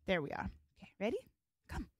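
A woman's voice: fairly quick, soft background music. A woman teaching a hula class live. She calls out the moves and mixes Hawaiian words into her English instructions in an upbeat way.

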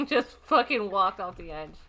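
A woman's voice: mid-range voice, a little slow. A woman casually commenting on a video game she plays, swearing often and breaking into laughter. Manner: giggly, excitable, profane. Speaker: game streamer.

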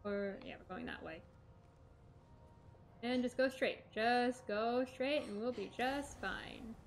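A young woman narrates her own gameplay in a chatty, self-talking way. She throws in dramatic exclamations as she plays. Her voice sits a little above the usual pitch for a woman. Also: slow, a little hiss or hum. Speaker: streamer. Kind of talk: let's play commentary.

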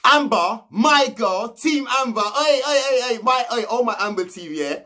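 Young man, high voice; casual brash recap vlogger, slangy and sweary. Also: expressive, moderate pace, sharp tone. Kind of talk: casual episode recap commentary.

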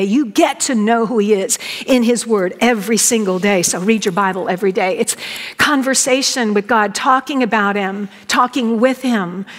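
Woman, Bible-teacher sermon, folksy and emphatic, slightly high voice, long hall reverb. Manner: warm, folksy and emphatic, addressing the congregation directly. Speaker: Bible teacher, guest speaker.

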